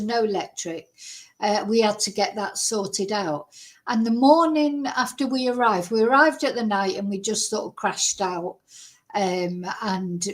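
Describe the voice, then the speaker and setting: A middle-aged woman, a true crime channel host, telling a rambling, chatty story with frequent laughs and self-interruptions. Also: mid-range voice.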